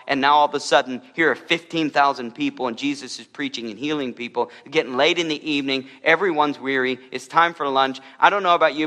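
A man's voice: a little high, sharp tone, big-room sound. A man preaching a sermon as a pastor, in a conversational style with humorous asides.

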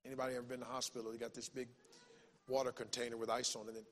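A man's voice: medium pitch, flat delivery, racing, a bit bright, a little hiss or hum. A man, a pastor telling a personal story in a plain, conversational way. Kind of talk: sermon testimony. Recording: long reverb in a hall.

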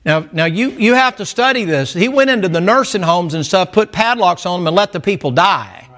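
A man's voice: sits high, animated, fairly quick, a bit bright. A man preaching a sermon in a folksy storytelling manner with emphatic asides.

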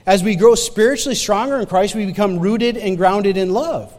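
A man with a notably high voice preaches a sermon, mixing scripture with his own testimony. He talks loosely, restarting and repeating phrases as he goes. His voice rings out with the long reverb of a large hall. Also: moderate pace, darkish tone. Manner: conversational, stammering restarts, repeats phrases for emphasis.

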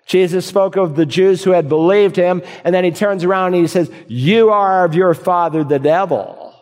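A man preaching from the pulpit, his voice a bit higher than most men's. He moves from scripture readings to answering the objections he imagines from his listeners. The sound carries a long reverb from a large church hall. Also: normal speed, a little mellow. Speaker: pastor. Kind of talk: sermon.

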